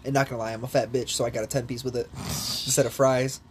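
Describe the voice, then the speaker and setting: Young man, casual chat, animated storyteller, swears a lot, ordinary pitch, faint background noise. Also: quick pace.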